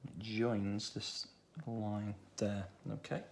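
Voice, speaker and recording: Low gravelly man with a Stoke accent. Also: slow pace, a little hiss or hum. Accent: Stoke-on-Trent English. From England. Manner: relaxed, thinking aloud while drawing. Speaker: art tutor. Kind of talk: drawing tutorial for children.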